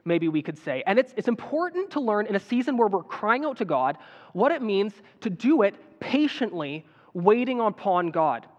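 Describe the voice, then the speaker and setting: A man preaching a sermon in an earnest manner that builds to emphatic appeals. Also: high voice. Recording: dull sound with long hall reverb.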